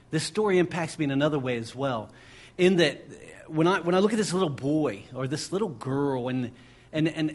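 Male preacher, husky and a touch high-pitched, delivers a sermon with driving repetition.

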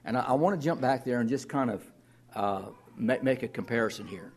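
A man's voice: mid-range voice, a little fast, a little mellow, breathy edge. A man pastor preaching a sermon in an earnest way, reading scripture aloud and often repeating words as he restarts.

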